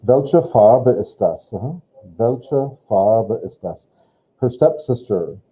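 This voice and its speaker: A man's voice: mid-range voice, expressive, slow, dark tone, breathy edge. A man teaching a German lesson, patiently explaining grammar step by step and prompting a student. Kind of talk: online language lesson. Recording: tinny phone-like line.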